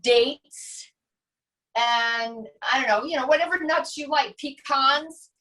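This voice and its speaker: A woman's voice: high-pitched, slow, pushed and bright, far from the mic, rough recording. A middle-aged woman chatting casually as a guest while she shows how she makes a dish, explaining step by step with many asides. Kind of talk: casual cooking demo chat.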